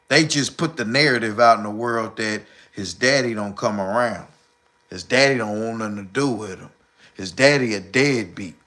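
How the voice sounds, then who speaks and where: A man's voice: mid-range voice, bright, forceful tone. Blunt, profane man ranting on a livestream. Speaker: livestream host. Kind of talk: casual livestream rant.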